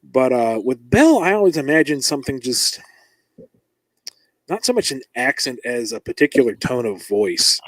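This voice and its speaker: A man guesting on a podcast, telling animated stories and acting out quoted dialogue, into a mic on a stand. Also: mid-range voice, moderate pace, no echo, low-quality recording. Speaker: guest, comic book writer. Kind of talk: casual interview chat.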